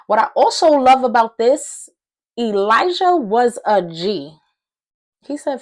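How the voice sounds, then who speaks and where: A woman giving a casual, animated Christian teaching to camera, chatty and excitable, calling her listeners y'all. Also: sits high, a little slow. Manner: conversational slang, addresses viewers as y'all.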